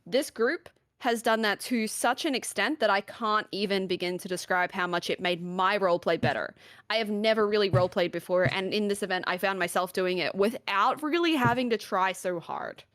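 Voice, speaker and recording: A woman's voice: mid-range voice, normal speed, a bit bright, no echo, studio quality. Earnest woman giving emphatic advice. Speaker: panelist on a roleplay Q&A stream. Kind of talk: casual chat.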